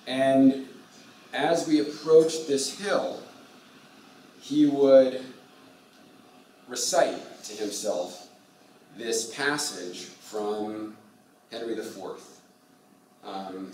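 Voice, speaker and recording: Slow lecturer in echoey hall. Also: male voice, medium pitch, darkish tone, far from the mic, slight background noise. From United States. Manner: switches between English and halting Russian, many fillers. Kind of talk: university lecture. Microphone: far from the mic.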